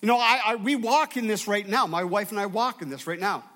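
A male pastor with a high, bright voice preaches a sermon emphatically and briskly. He's expressive and repeatedly calls on the congregation to answer him.

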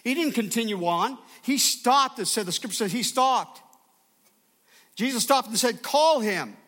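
A man's voice: very high-pitched, normal speed, pushed and bright. A man preaching a sermon as pastor, emphatic and calling out to his congregation for response.

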